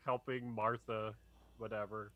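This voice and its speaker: Bright, punchy man riffing jokes. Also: on the low side, measured pace. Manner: joking, animated riffing with restarts. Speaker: podcast co-host. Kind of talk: casual chat, movie review.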